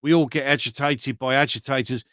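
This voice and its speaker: A man's voice: mid-range voice, fairly even intonation, a little fast, a bit bright, no room sound, studio quality. A man hosting a live stream in a loose, conversational way, reading out viewer comments and answering them as he goes. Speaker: livestream host reading viewer chat.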